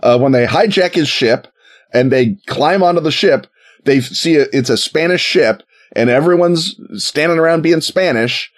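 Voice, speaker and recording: A man's voice: a little high, normal speed. Man, sarcastic, jokey history storyteller, casual podcast chat. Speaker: podcast co-host.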